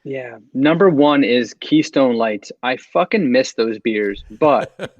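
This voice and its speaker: A man with a New Jersey accent, a guest on a podcast, talking in a loose, halting way full of fillers. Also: medium pitch, no echo, highs cut off. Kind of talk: casual chat.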